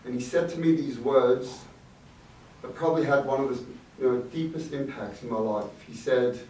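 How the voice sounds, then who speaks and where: Middle-aged male rabbi, reflective storyteller, mid pitch, off-mic in an echoey hall. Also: normal speed. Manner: reflective, warm anecdotal storytelling with Yiddish words. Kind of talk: storytelling speech to an audience. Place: event hall. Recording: echoey room, distant mic, faint noise.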